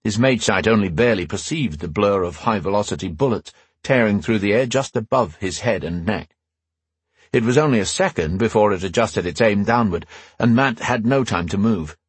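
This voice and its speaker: A man with a low, strongly husky voice narrates a fantasy audiobook. His reading is measured, with lively pitch. He sits close to a mic in a dry booth. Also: dry recording. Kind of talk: scripted narration.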